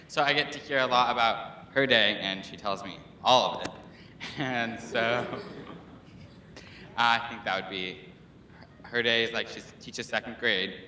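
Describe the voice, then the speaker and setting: A man's voice: medium pitch, unhurried, long pauses, bright, forceful tone, slight background noise. A teenage male student on a panel, talking in an easygoing way with frequent laughs. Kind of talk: casual panel answer. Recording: echoey room.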